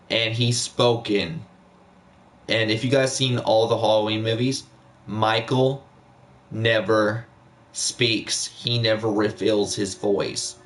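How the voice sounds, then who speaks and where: A man's voice: lowish voice, steady tone, slow pace, fairly bright tone. A young man chatting casually on a live stream, rambling with many fillers and repeating himself.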